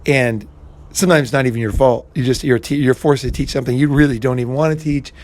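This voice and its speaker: A man's voice: mid-range voice, fairly even intonation, fast, a little mellow. A man hosting a casual monologue, rambling with many restarts and fillers and some blunt swearing. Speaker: podcast host.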